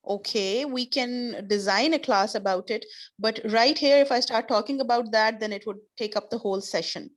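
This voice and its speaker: A woman's voice: a little high, normal speed. A woman teaching an online class, explaining patiently with repeated examples. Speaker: English teacher.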